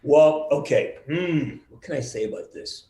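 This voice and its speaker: A middle-aged man being interviewed over a video call, telling lively stories and acting out the quotes, with some swearing. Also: fairly high pitch, moderate pace. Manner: animated storyteller, acts out quotes with swearing. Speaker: voice actor guest. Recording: roomy video call audio.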